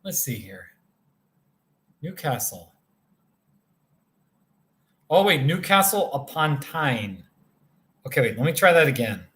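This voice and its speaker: Animated, tired man chatting on a livestream. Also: medium pitch, takes it slowly, long pauses. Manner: rambling and animated, chatting to viewers by name. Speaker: livestream host reading viewer chat. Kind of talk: casual livestream chat. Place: motel room.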